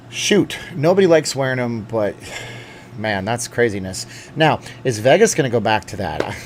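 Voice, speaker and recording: A man's voice: medium pitch, slight background noise. Chatty man on a live stream. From Canada. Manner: rambling, chatty, jokey. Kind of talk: casual live-stream chat.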